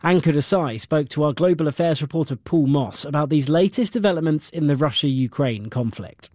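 A man presenting the news, reading a script in a crisp, formal way. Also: fairly high pitch, animated, fairly quick, a little mellow, no room sound, clean studio sound.

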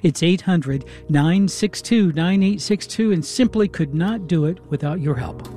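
A man's voice: fairly high pitch, measured pace, over music. A male radio host in the studio, making an upbeat on-air pledge drive appeal and urging listeners to give. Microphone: studio microphone.

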